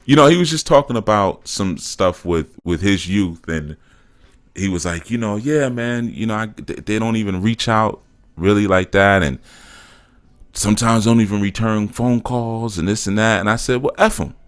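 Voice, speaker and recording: A middle-aged man with a voice on the low side talks at a normal speed while hosting his show. He's a spiritual teacher giving a casual monologue of loose stories, leaning on "man" and "you know," acting out quotes, and growing emphatic at points.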